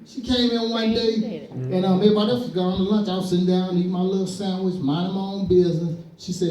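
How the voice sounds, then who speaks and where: A man's voice: sits high, steady tone, fast talker, mellow. Male stand-up comedian from East Saint Louis, storyteller who acts out quotes, recorded in an echoey club, mic at a distance. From East Saint Louis, Illinois. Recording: roomy club sound from a distance.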